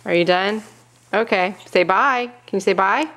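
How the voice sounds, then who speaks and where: A young woman reading a picture book aloud to her toddler at home, gently asking questions and coaxing with little animal noises. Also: medium pitch, unhurried, creaky.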